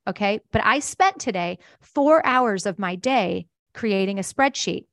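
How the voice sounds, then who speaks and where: A woman's voice: medium pitch, fairly bright tone, no echo, clean studio sound. A middle-aged woman, a company founder, answering interview questions enthusiastically and acting out the voices she quotes. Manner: enthusiastic, acts out quoted voices, laughs easily. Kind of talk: animated conversational interview answer.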